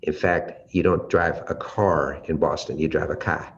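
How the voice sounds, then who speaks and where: An American man giving a leadership lesson on using the voice, shifting his volume and pace to demonstrate and stretching out his pauses. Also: extremely low pitch, fairly even intonation, gravelly, fairly bright tone. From United States. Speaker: leadership trainer. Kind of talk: teaching talk with vocal demonstrations. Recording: slightly dull audio with faint ambient noise.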